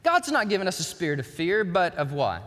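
A middle-aged male pastor preaching an impassioned sermon, swinging from shouts to quiet storytelling. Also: high-pitched, wildly swooping pitch, fairly quick. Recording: long hall reverb.

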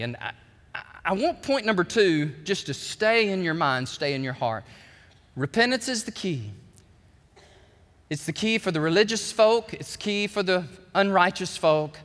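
A middle-aged man preaching a sermon in a church, folksy and animated, acting out the voices he quotes. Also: very high voice. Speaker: pastor. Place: church sanctuary. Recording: long hall reverb.

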